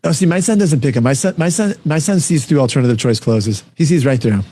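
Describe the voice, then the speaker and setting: A man's voice: on the high side, lively intonation, mellow. A man hosting a casual panel chat on a video call, upbeat and enthusiastic as he tells stories. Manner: fast, upbeat, enthusiastic storyteller. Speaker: podcast host.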